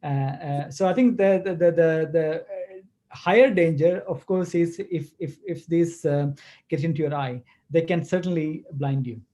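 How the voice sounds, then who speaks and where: Over a video call, a man from Kerala, India, answers questions as a guest lecturer in a webinar, speaking haltingly and hesitantly with many restarts. His voice is a little high with a warm tone.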